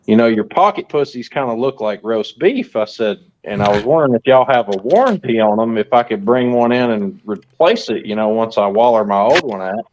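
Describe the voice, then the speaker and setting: A man's voice: lowish voice, lively intonation, a little fast, hardly any pauses, a little mellow, dull audio, slight background noise. A man telling a crude story in casual chat, laughing as he goes.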